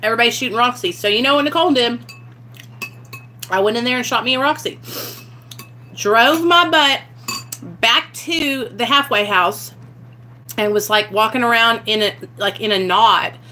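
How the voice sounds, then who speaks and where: A woman's voice: on the high side, normal speed, pauses often, bright, forceful tone, a little hiss or hum. A young woman telling a raw personal story to her camera, blunt and candid, swearing freely. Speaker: vlogger sharing her recovery story.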